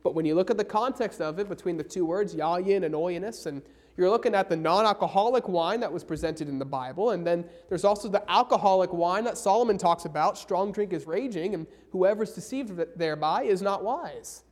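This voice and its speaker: A man preaching a sermon, slowing down hard on key phrases and reading scripture aloud. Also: high-pitched. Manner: emphatic, slows down for key phrases.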